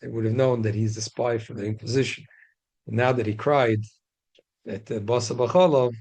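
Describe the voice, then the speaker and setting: A man's voice: medium pitch, fairly even intonation, normal speed, darkish tone, poor audio. A man teaching a religious class in a casual storytelling way, chatty, with many restarts and Hebrew and Yiddish terms mixed in.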